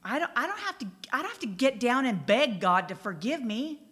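Woman, preacher, sermon, somewhat high pitch, lively, chatty, exclaiming. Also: brisk, slightly rough. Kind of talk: sermon with scripture reading.

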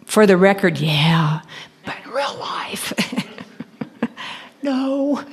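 Middle-aged woman preacher, lively storytelling sermon, jokey, acts out the conversations. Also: sits high, extremely slow, pauses often. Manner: animated storytelling, acting out dialogue with humor. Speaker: preacher and Bible teacher.

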